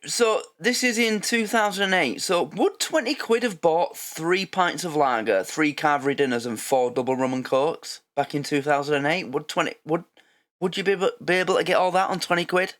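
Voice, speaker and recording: A man's voice: fairly high pitch, moderate pace, fairly bright tone. A man hosting a reaction video, rambling in a casual, sweary way.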